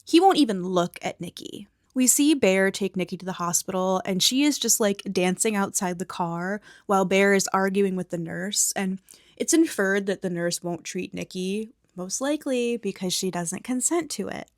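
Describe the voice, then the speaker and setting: A young woman recapping a movie in a soft-spoken ASMR style. She slips into whispers at times and talks casually and candidly, with the odd swear. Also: mid-range voice, moderate pace, no room sound, clean studio sound. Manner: drifts between soft speech and whispering.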